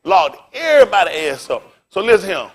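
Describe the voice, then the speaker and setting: Man, pastor, middle-aged, high voice, animated preaching, laughing outbursts. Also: fairly quick, creaky, slightly rough. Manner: animated, laughing, loud bursts. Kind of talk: preaching with storytelling.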